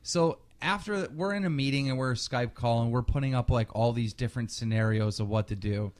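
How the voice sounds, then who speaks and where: Animated male podcast host telling stories. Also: medium pitch, a little fast. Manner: animated, acts out quotes. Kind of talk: casual podcast storytelling.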